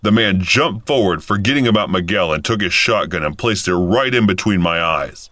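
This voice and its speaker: A man in his thirties narrates a scripted first-person story. His voice is deep, and his intonation rises and falls a lot. He keeps a calm, matter-of-fact delivery. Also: normal speed, hardly any pauses, no echo. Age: 30s.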